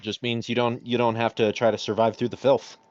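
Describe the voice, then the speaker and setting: A man with an ordinary middle-pitched voice teases the other players and acts out their lines in a tabletop game. The sound is dry and somewhat muffled. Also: a little fast, dry recording. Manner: teasing, animated retelling.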